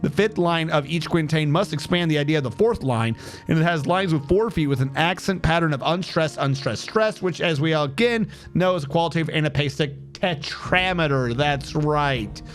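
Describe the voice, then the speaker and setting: A man with a slightly higher voice talks through his gameplay on stream. He reads game text aloud and cracks dry, sarcastic jokes, with faint music playing underneath. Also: moderate pace. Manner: wry, sarcastic asides while reading game text aloud. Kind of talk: casual gameplay commentary.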